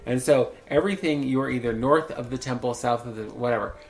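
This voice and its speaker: A man hosting a podcast, telling a story in casual chat with a campy, animated manner. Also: medium pitch, fast. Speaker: podcast host.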